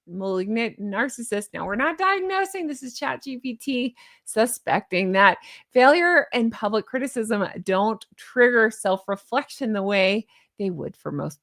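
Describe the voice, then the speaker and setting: A middle-aged woman hosting a casual chat, reading online posts aloud and reacting with sarcastic asides and animated remarks. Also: on the high side. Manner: chatty, animated, sarcastic asides and little sung bits.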